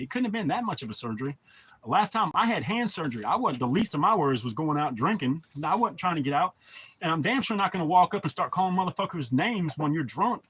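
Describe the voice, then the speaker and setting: A man's voice: a little high, a bit bright, a little hiss or hum, low-quality recording. A man live-streaming, telling blunt, profane stories in a casual chat to his viewers.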